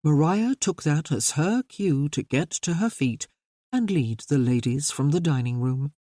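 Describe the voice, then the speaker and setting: A narrator reading a period romance novel aloud with an expressive delivery. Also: mid-range voice, unhurried, no room sound, studio quality. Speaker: audiobook narrator.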